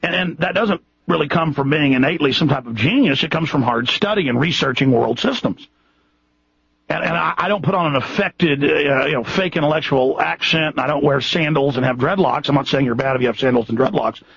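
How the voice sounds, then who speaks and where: A man's voice: a little high, fairly quick, creaky, a bit bright, slightly rough, no echo, dull audio. A Texan man hosting a radio show, talking in an impassioned, rambling way with frequent restarts. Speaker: radio host. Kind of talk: radio monologue.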